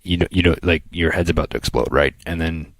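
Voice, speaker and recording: A man with an extremely deep voice co-hosts a podcast in easy, casual chat. He tells stories with animation, then sinks into a quiet murmur when he turns reflective. The sound is close and dry. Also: fairly even intonation, fast talker, dry recording. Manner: storytelling, drops to a near murmur when reflective. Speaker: podcast co-host.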